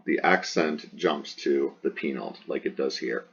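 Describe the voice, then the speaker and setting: A man's voice: rumbling low, normal speed, few pauses, breathy edge, lo-fi sound. A man teaching ancient Greek grammar, chanting word forms in a sing-song and explaining patiently. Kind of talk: recorded grammar lesson.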